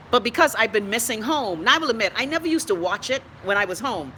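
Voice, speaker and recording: A woman's voice: fairly high pitch, lively intonation, fast talker, few pauses, pushed and bright, slight background noise. A middle-aged woman with a Bahamian accent hosting a casual live stream, blunt and profane as she rants and reads comments. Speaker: live-stream host reading viewer comments.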